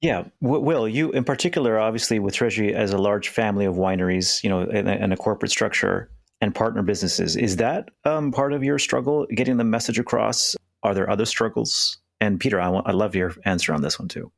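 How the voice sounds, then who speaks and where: Gravelly low-voiced male host. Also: brisk, few pauses. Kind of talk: interviewing.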